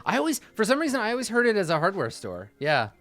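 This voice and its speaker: A man's voice: sits high, huge pitch swings, fast, fairly bright tone. A young man casually commenting on a game he is playing, joking and rambling with a self-mocking streak. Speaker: let's-play host.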